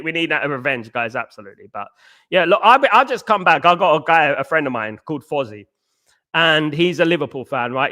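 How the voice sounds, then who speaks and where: A man hosts a casual fan live stream and talks bluntly, circling back to the same phrases. His voice sits a little high for a man and sounds bright and forceful. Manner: blunt, repetitive, peppers talk with "mate" and "big up". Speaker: fan channel host reading live chat.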